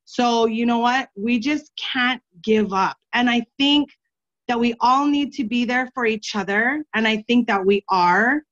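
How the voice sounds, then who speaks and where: A woman sharing on a team video call, earnest and encouraging, with halting restarts. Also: fairly high pitch, a bit bright, lo-fi sound.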